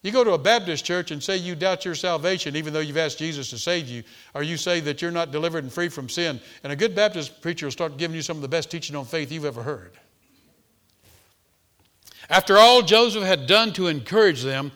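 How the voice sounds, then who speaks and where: A man preaching a sermon, swinging between loud emphasis and hushed tones, and repeating words as he speaks off the cuff. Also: on the high side, animated, normal speed.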